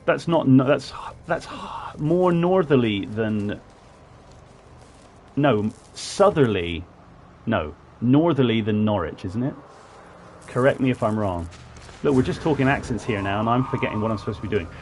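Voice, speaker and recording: A man from southwest England talks through a game on a live stream with a middle-pitched voice. He rambles, corrects himself and stops to greet viewers in chat. A faint hiss sits behind him. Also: expressive, normal speed, a little mellow. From Plymouth, southwest England. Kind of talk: casual live-stream gameplay commentary.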